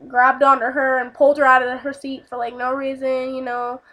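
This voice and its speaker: High-voiced young woman telling a story. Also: flat delivery, normal speed, fairly bright tone. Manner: rambling, heavy on fillers and swearing. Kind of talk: casual storytime vlog.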